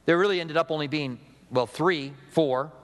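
A man's voice: on the high side, normal speed. A middle-aged male pastor giving a conversational sermon, with chatty asides and acted-out dialogue. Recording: long hall reverb.

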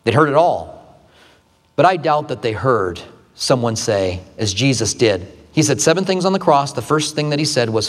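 A man's voice: very animated, normal speed, long reverb tail. A male pastor delivering a sermon, telling the story dramatically with acted quotes. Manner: dramatic retelling with acted quotes, shifting pitch widely.

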